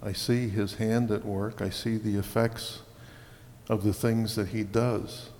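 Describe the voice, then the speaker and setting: Slow-speaking male pastor preaching. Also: fairly low pitch, little pitch movement, a little mellow, long reverb tail, slight background noise. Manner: slow and deliberate, stirring bursts on key words. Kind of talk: sermon.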